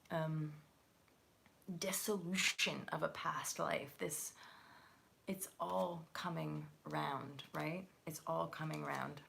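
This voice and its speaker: A woman with a somewhat low, gravelly voice reads tarot cards on a live stream. She is chatty and effusive, with lots of fillers and restarts. The sound is close to the microphone. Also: fairly bright tone, slight background noise. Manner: chatty and effusive, many fillers, laughs often. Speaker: tarot reader and channel host.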